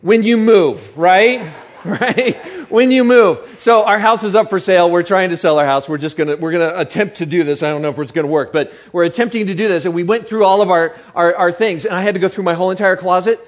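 A high-voiced man delivers a casual sermon. He jokes and keeps throwing questions out to the listeners in front of him. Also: fairly quick. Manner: chatty, joking, asks the crowd questions. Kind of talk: sermon to a live audience.

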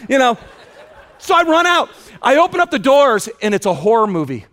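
High-voiced animated pastor, man. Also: a little fast. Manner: animated storytelling, acts out dialogue with loud high shouts. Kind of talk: sermon. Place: auditorium.

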